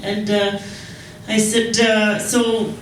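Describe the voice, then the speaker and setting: Young female stand-up from Chicago, halting rambling delivery, echoey room recording with faint noise. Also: a little high, a bit bright. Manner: rambling, halting, with repeated restarts. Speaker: stand-up comedian. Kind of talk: stand-up comedy set. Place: club stage with audience. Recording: echoey room, mic heard from far off.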